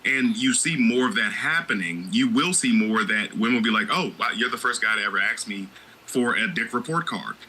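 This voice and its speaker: Guy podcast cohost, really bright sharp voice, preachy and emphatic, faint room hiss. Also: lowish voice, expressive, a little fast, low-quality recording. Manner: emphatic, preachy, addresses listeners directly. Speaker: podcast co-host. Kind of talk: casual podcast chat.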